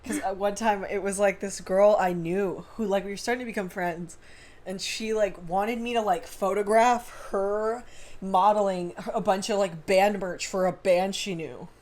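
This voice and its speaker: A woman co-hosting a podcast, chatting casually and telling an animated personal anecdote in which she acts out what people said. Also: mid-range voice, normal speed. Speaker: podcast co-host. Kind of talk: casual storytelling chat. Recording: audio-only podcast.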